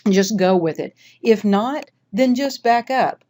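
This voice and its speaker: A woman teaching how to lead a group oath, speaking in a measured, coaching way with deliberate pauses when she recites. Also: mid-range voice, mellow. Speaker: honor society instructor. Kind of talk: instructional how-to talk with oath reading.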